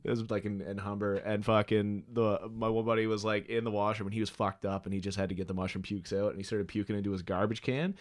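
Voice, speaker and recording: A man hosting a podcast in casual chat, loud and laughing, swearing freely. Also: fairly low pitch, steady tone, fast talker, few pauses. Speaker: podcast host.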